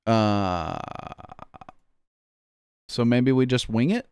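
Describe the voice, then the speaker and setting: A man's voice: fairly low pitch, slow pace, long pauses, darkish tone, clean tone, no echo, studio quality. A man chatting casually on a stream, rambling and swearing in a jokey, offhand way. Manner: rambling, profane, jokey, says "bro".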